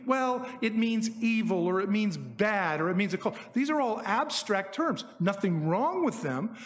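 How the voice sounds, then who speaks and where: A man with a high-pitched, fairly bright voice gives a Bible teaching on Hebrew words, explaining in a conversational way and frequently checking in with listeners by asking "okay?" A long reverb tail follows his speech.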